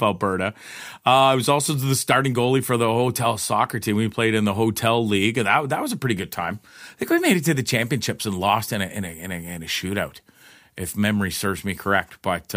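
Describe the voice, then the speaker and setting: A man's voice: mid-range voice, fairly bright tone. A man telling rambling personal stories in a casual, profane way, laughing often. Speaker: storyteller.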